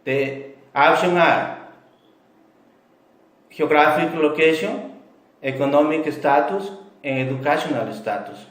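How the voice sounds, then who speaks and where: Male student interviewer, slow careful reading, echoey room. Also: fairly high pitch, fairly bright tone. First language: Spanish. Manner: careful, slightly broken English.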